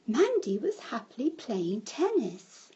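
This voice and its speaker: A woman telling a children's story in a slow storybook manner, breaking into shouted cries for the characters. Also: a little high, wildly swooping pitch, breathy edge, muffled recording.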